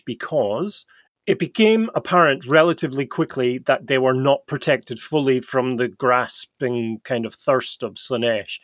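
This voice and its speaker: A man hosts a casual podcast, laying out lore at an unhurried, deliberate pace. His voice sits at a middle pitch and the room sounds dry and close. He explains patiently, with the odd filler. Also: fairly bright tone, no echo. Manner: slow, explanatory storytelling with fillers.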